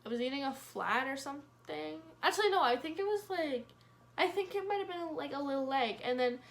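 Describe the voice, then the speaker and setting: Young woman vlogger, higher voice, meandering storyteller, casual cursing, wry jokes at her own expense. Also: expressive, brisk. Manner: rambling, filler-heavy, swearing casually; wry self-mocking.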